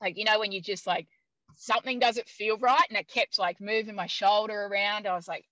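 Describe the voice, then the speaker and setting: A woman guest telling a story in casual conversation, lively, laughing often and using many "like" fillers. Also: mid-range voice, a little fast, dry recording, rough recording. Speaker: interview guest.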